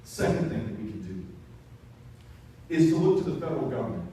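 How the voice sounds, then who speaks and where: A man's voice: medium pitch, very animated, a little fast, mellow, a little hiss or hum. A man from Texas giving an impassioned speech at a town hall, building to emphatic, rising passages. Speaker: political speaker at a town hall. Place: town hall event, roomy space. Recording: echoey room, mic from a distance.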